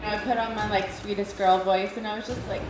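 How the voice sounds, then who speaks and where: A woman's voice: medium pitch, fairly even intonation, a little fast. A woman telling a true story to a live audience in a casual, laughing, profane and self-mocking way. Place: former airplane hangar at a live show. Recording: echoey hangar, far from the mic, music behind.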